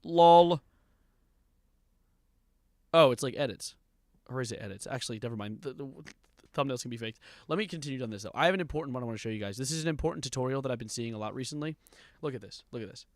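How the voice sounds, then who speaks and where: A man's voice: mid-range voice, racing, no echo, studio quality. A man livestreaming, casually reacting to clips with wry asides and laughter. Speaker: streamer.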